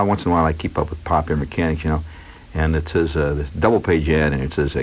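A man's voice: low-pitched, slightly rough. A man hosting a rambling radio monologue from a studio, a wry storyteller musing aloud with asides and fillers, heard on a dull lo-fi old broadcast. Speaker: radio host.

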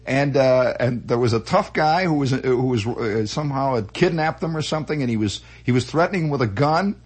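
A man telling comic stories in a rambling, animated way, full of restarts and acted-out voices. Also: medium pitch, brisk, breathy edge. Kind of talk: comic storytelling monologue.

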